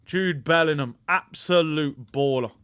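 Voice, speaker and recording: A man hosts a football watch-along, talking in heavy slang and bursting into shouts. His voice is high and bright, with a forceful, cutting edge. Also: a little slow, clear, resonant tone. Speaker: streamer host.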